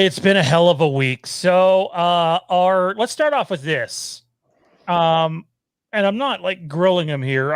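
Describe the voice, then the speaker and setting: A man's voice: a little high, no room sound. A man hosting a casual live show over a video call, running down the lineup in upbeat, teasing patter. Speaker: host.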